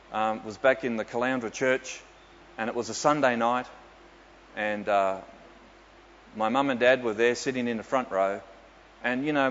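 A man's voice: medium pitch, slight background noise. A man, a pastor telling stories with dry humour in a sermon. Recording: dull echoey hall with faint ambience.

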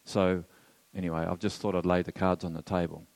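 A man's voice: low-pitched, flat delivery, brisk, gravelly, a little mellow, in a large hall. A man teaching theology as a sermon, earnest and emphatic, with wry asides to his listeners. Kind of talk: sermon lecture.

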